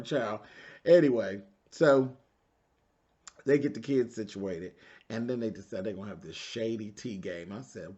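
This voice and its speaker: A man's voice: fairly low pitch, a little mellow, breathy edge, lo-fi sound. A man recapping a reality TV episode in a sassy, gossipy way, calling his listeners "honey" and "child". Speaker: reality TV reviewer. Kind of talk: casual episode recap commentary.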